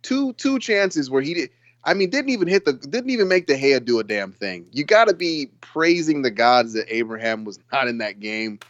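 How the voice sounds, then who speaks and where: A man co-hosting a casual football podcast, talking in an excitable, rambling way and laughing often. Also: mid-range voice, moderate pace, dry recording, muffled recording. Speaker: podcast co-host. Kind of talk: casual sports chat.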